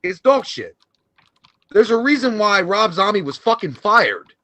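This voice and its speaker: Guy ranting on a movie podcast, high bright voice, swearing a lot and tripping over his words. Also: big pitch swings, unhurried, no echo. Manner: profane, heated ranting with frequent restarts. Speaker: co-host. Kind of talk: casual movie podcast rant.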